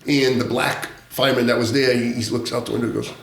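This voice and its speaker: A man tells a story with lots of energy, jumping into high voices for the people in it and laughing as he goes. His voice sits at a middle pitch. The room has a noticeable echo. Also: fast, gravelly. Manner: animated storyteller, acts out voices in high tones, laughs often, swears. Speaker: podcast guest, former narcotics agent. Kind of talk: casual storytelling.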